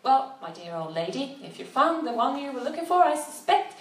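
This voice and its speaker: A woman's voice: high voice, very animated, brisk, voice pushed up. A woman voicing a charming, careless handsome man who speaks breezily and dismissively, recorded at a distance in a roomy space. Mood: breezy. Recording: roomy, distant mic, faint background noise.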